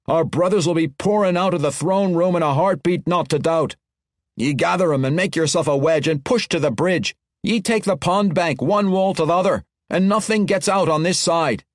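A man's voice: fairly high pitch, moderate pace, no room sound, studio quality, pitched above the performer's own voice, natural voice. A man voicing a fearless wild dwarf leader who barks battle orders in a hearty dwarven brogue. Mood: commanding.

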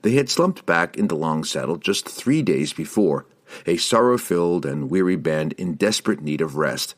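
A man reading a fantasy novel aloud as an audiobook, measured and expressive. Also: deep voice. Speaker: audiobook reader. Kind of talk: scripted fantasy novel narration.

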